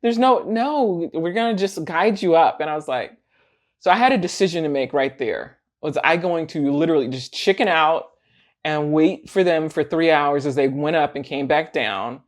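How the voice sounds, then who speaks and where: A woman casually telling a personal story in a vlog, animated and laughing often as she acts out what people said. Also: low-pitched, moderate pace. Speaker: vlogger.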